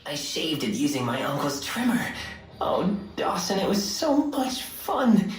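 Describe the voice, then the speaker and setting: A man voicing a creepy schoolboy obsessed with cutting hair, speaking slow, low and menacing. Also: very animated. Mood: pleading. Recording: echoey distant room, faint music.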